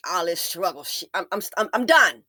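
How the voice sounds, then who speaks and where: Fired-up woman with a bright, lively voice. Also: on the low side, moderate pace, husky, dry recording. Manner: blunt, preachy, frequent restarts and stammers when heated. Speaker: commentary channel host. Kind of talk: impassioned commentary monologue.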